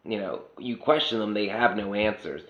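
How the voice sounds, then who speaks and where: A man's voice: on the low side, normal speed, a bit bright. A man from Pennsylvania talking in a casual, sarcastic rant, blunt and swearing freely. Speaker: vlogger. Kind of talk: casual ranting monologue. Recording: roomy, dull lo-fi sound.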